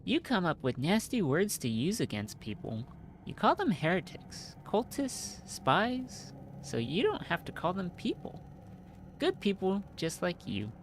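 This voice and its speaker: A man reading the dialogue of an earnest adventurer hero, raising his voice higher and speaking softly as he pleads. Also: huge pitch swings, measured pace, a little hiss or hum, exaggerated voice.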